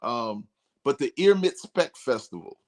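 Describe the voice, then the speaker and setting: A man guest on a podcast, telling road stories in a casual, animated way and acting out quotes in a raised voice. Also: mid-range voice, measured pace. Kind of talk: casual storytelling.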